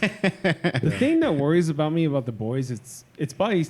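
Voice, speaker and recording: A man's voice: on the high side, sing-song, normal speed, darkish tone. A man co-hosting a podcast in casual chat, blunt and heavy on swearing. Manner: blunt and profane. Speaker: podcast co-host.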